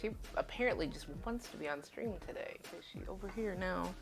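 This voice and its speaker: A woman's voice: medium pitch, lively intonation, brisk, vocal fry, faint music behind. A woman streaming from her home kitchen, chatting casually as she cooks, swearing freely and laughing often. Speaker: cooking streamer. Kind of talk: casual live-stream chat while cooking.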